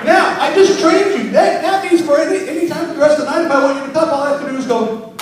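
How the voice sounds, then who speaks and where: A man's voice: very high voice, fast, a loud crowd, very noisy. A man who works as a wedding emcee, teaching a live workshop and playfully teasing his audience. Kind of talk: live seminar talk to an audience. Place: conference room. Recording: very echoey hall, mic far off.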